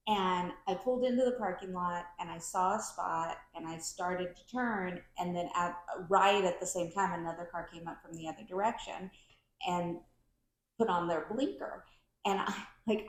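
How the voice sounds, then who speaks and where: A woman's voice: on the low side, normal speed. A woman co-hosting a podcast, telling stories in casual chat and acting out what people said. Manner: chatty storyteller, animated quoting. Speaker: podcast co-host. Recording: echoey room.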